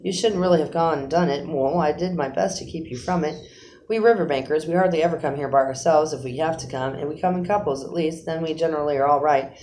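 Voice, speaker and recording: A man's voice: fairly high pitch, fast talker, a little mellow, a little hiss or hum, natural voice, low-quality recording. A man reading aloud, voicing a kind and sensible water rat who talks in a soothing, reassuring way. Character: kindly brave male water rat, cheerful, sensible. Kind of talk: storybook reading.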